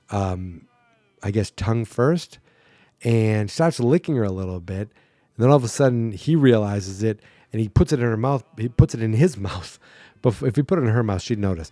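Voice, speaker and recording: A man's voice: medium pitch, warm tone, dry recording. A man hosting a podcast, casually recapping a movie plot with sarcastic asides. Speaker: podcast host.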